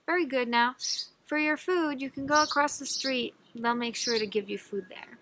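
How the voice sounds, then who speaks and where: A woman's voice: sits high, moderate pace, a bit bright, slight background noise. Woman as grudging town miser, curt, birds chirping behind.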